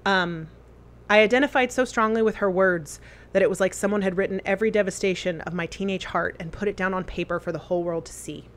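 A woman earnestly reading a memorial letter aloud, with deliberate phrasing. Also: mid-range voice, a little hiss or hum.

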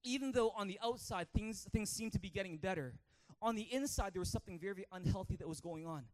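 A man with a Canadian accent preaching a lively sermon in church, calling for amens and acting out a childhood story. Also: high-pitched, quick pace. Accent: Canadian English. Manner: energetic, calls for amens, tells stories with acted-out voices. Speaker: pastor.

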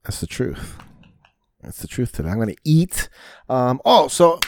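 Man, podcast host, solo rant, swears a lot, rambling, medium pitch, dry close sound. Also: very animated, a little slow, a little mellow, no echo. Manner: casual, profane, rambling with frequent fillers and restarts. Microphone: podcast mic.

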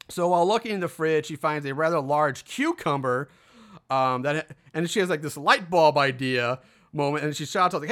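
Man, bright tone, slightly high voice, casual film recap, rambling. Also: animated, moderate pace. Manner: rambling, lots of fillers, acts out quotes. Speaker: podcast co-host recapping a film.

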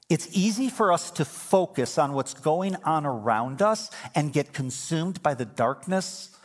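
A middle-aged man preaching a sermon as pastor, telling stories and building to emphatic, fervent points. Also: fairly high pitch. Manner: storytelling, swings from quiet to emphatic.

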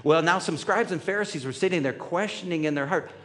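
A man's voice: a little high, fast talker, a bit bright. A man preaching a sermon in a conversational way, often checking in with the room with "right?". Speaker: pastor. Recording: reverberant hall.

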